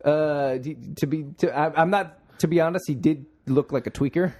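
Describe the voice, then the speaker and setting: A man's voice: a little high, moderate pace, over a noisy crowd. A young man hosting a podcast, telling a rambling story with frequent swearing and laughter. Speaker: podcast host. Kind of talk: casual podcast chat.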